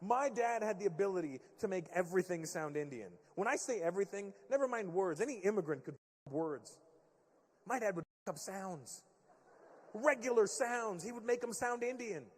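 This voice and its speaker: A man performing stand-up, telling a story in an animated way and acting out both sides of a conversation. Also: high-pitched, normal speed, slight background noise. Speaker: stand-up comedian. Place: live comedy venue. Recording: long venue reverb.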